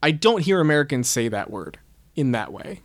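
A man's voice: fairly high pitch, big pitch swings, normal speed. A man co-hosting a casual book-discussion chat, talking in a thoughtful, self-questioning way. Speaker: podcast co-host.

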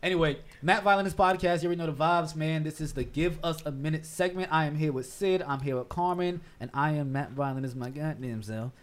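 Brief: male podcast host, relaxed and slangy, voice on the higher side. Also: fairly quick, few pauses. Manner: laid-back, slangy, storytelling. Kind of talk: casual podcast chat.

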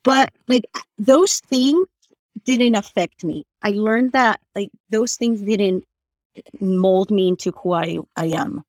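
A woman's voice: mid-range voice, darkish tone, dry recording. Woman telling her story, dry. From Argentina. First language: Spanish. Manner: earnest, halting, many "like" fillers. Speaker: guest. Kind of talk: personal storytelling in conversation.

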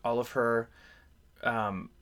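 A young man co-hosting a casual podcast chat, telling stories in a halting, rambling way with many fillers. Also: mid-range voice, fairly even intonation, fairly bright tone, clean tone. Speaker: podcast co-host.

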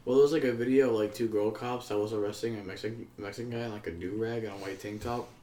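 A man's voice: on the low side, steady tone, mellow. Rambling young man in an echoey room. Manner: rambling, halting. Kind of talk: casual chat. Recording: roomy echo.

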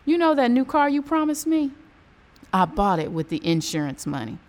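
A scheming widow who taunts her late husband's ashes in a low, mocking voice, in a told joke, voiced by a Texan woman. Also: sing-song, normal speed.

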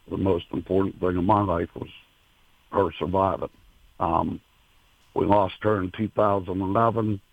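A man, a racehorse owner, being interviewed over the phone, talking in a halting way with many fillers and restarts, emotional. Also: low-pitched, dry recording. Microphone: telephone. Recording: tinny phone line.

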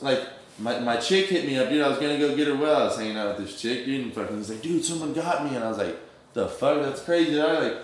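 A young man with a mid-range voice tells a story in loose street slang, sometimes acting out what people said. He is recorded in a very reverberant room, with a strong echo off the walls. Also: mid-range voice. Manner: streetwise slang-heavy storytelling, acts out quoted dialogue. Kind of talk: casual storytelling. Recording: very echoey room.

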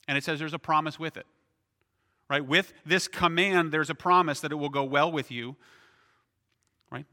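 A man's voice: on the high side, bright, forceful tone, big-room sound. A man preaching a sermon as pastor, in a conversational way, often asking "right?".

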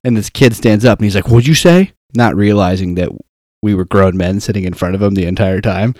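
A young man chatting casually with friends, telling an animated story and acting out the quotes. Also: deep voice, brisk, no echo, studio quality. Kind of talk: casual chat.

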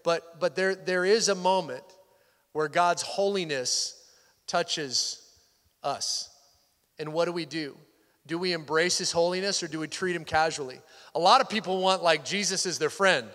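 A man's voice: a little high, a little slow, bright, forceful tone. Man preaching, conversational, big hall reverb. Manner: conversational, drops to near-whisper for intimate points. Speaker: pastor. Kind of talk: sermon. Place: church sanctuary.

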